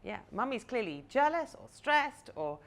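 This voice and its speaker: A woman in her thirties gives a live talk as a confidence coach. She guides her audience through an imagined scene in a chatty, engaged way. Her pitch rises and falls in a lively way. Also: moderate pace.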